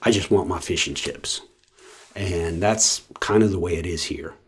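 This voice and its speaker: Low husky-voiced man rambling casually. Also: normal speed. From West Coast of the US. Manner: rambling, with many fillers and restarts. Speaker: vlogger. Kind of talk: casual talk to camera.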